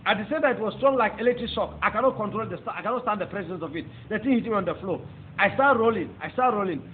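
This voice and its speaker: A man's voice: high-pitched, expressive, quick pace. A man with a Nigerian accent giving a fervent, emphatic testimony sermon as a preacher. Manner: fervent, emphatic, rising into exclamations. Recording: tinny phone-like audio with faint noise.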